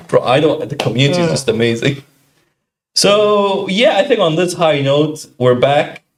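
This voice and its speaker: Laughing, animated male podcast host. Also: fairly high pitch, unhurried, echoey room. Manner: laughs often, animated storytelling with fillers. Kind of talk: casual chat.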